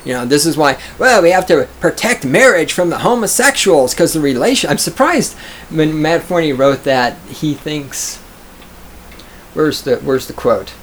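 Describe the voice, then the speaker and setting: A man's voice: a little high, very animated, normal speed, a little hiss or hum. Profane, sarcastic male commentator. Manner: profane, sarcastic, mocks others in raised mimicking voices. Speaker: commentator reading and reacting to an article. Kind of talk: casual reaction commentary.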